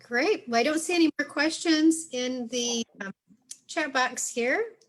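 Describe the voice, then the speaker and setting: A woman moderating a webinar, reading out audience questions in a brisk, businesslike way. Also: sits high.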